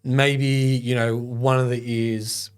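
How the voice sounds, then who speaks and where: A man's voice: mid-range voice, flat delivery, slow, smooth. A middle-aged man, telling a personal story in an interview. He talks in a loose, conversational way with many fillers and sometimes gets choked up. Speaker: guest, foundation founder.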